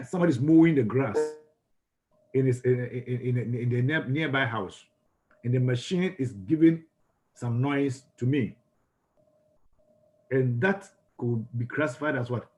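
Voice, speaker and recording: A man's voice: mid-range voice, measured pace, long pauses, a little mellow, soft background music. A man with a Ghanaian English accent giving a classroom lecture on communication. He often repeats and restarts his words and puts questions to the class.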